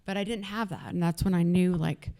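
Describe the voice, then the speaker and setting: Woman with a Texas accent, low and mellow voice, candid personal talk at an event, loose with fillers. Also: fairly even intonation, brisk. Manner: candid, conversational, frequent fillers. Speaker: event speaker. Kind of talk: personal story told to an audience. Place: event venue.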